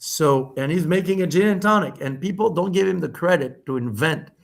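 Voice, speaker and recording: Gravelly and on the high side, the voice belongs to a middle-aged spirits company founder guesting on a podcast. He tells stories in a casual interview, animated and quick, with many restarts and fillers.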